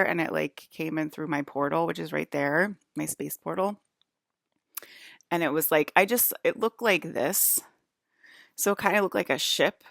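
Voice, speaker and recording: Woman rambling on her vlog, low-ish voice, says like constantly, dry close sound. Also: creaky, a bit bright, no room sound. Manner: rambling, heavy use of "like", frequent restarts. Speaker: vlogger. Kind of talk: casual rambling monologue.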